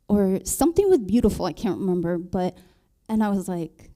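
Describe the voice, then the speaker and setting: Woman sharing her faith story, super mellow dark voice, lots of ums and restarts. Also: medium pitch, sing-song, moderate pace. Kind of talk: personal testimony in a panel talk.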